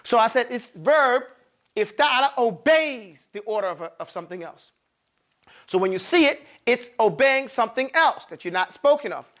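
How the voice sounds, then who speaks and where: In a classroom, a man explains grammar at the board in a very high, fairly bright voice, animated and at a normal speed. He is repetitive, frequently pausing to ask students "okay?" and "you follow me?"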